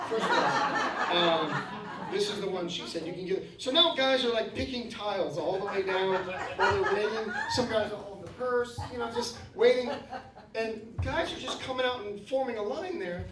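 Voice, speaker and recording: A man in his fifties telling stories in a stand-up comedy set, breaking into shouted rants. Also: sits high. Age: 50s. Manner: storytelling, bursts into shouted rants. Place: comedy club stage. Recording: roomy club sound from a distance. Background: audience laughing.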